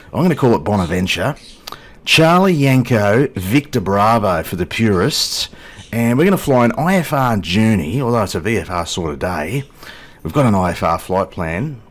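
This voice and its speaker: A man hosting a flight simulator video, chatting casually with jokes and self-deprecating asides. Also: fairly low pitch. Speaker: flight sim video host. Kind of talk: casual gameplay commentary.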